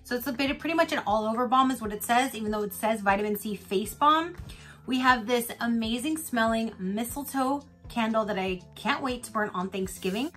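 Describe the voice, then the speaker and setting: A woman's voice: fairly high pitch, fairly quick, faint music behind. A woman vlogger chatting casually through an unboxing, telling stories with lots of laughter. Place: home in Florida.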